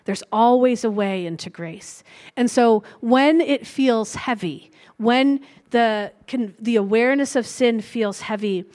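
A middle-aged woman preaching a sermon and sharing a personal testimony, earnest and reflective, slowing down to stress key lines. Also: medium pitch, a little mellow.

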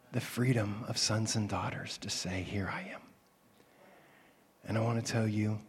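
A man preaching a sermon as a pastor, swinging between loud, animated calls and soft, hushed passages. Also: on the low side, slightly rough.

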